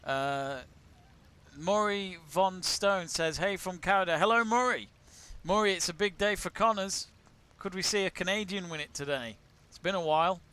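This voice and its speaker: A man from England runs a live golf watch-along, greeting viewers by name and reading out their comments between shots. His voice is bright and crisp, and sits a little higher than most men's. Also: moderate pace. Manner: chatty, greets viewers and reads out their messages. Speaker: watch-along stream host.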